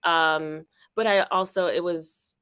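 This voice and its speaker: A woman in her fifties with a somewhat low voice, recorded dry and close. She answers thoughtfully, pausing and restarting often as she chats. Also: fairly even intonation, fairly bright tone, clean tone, dry recording. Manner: reflective, hesitant, many fillers. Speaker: actress, guest. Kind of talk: casual interview chat.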